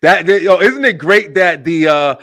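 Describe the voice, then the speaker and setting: A man with a New Jersey accent hosting a web show over a video call, talking fast and excitably with lots of slang and fillers. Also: high voice, no room sound. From Elizabeth, New Jersey. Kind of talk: casual interview chat.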